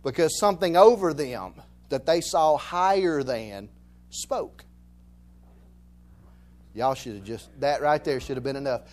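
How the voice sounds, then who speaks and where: A man's voice: medium pitch, a little slow, pauses often, a little mellow. A man from Alabama with a Southern accent, preaching a conversational sermon in a folksy, joking way and repeating phrases for emphasis. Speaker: pastor.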